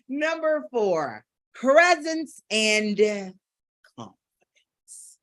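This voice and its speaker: Animated middle-aged woman vocal coach. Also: a little high, no room sound, studio quality. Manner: emphatic, animated, demonstrative. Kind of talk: energetic teaching talk.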